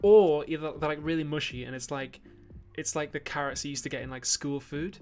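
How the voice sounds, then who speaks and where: Over soft music, a slightly high, slightly mellow male voice moves at a brisk clip in a Geordie accent. He's a YouTube host from Newcastle, northern England, chatting casually on his livestream while reading super chats from viewers. Fillers pepper his rambling, broken up by occasional flashes of mock outrage.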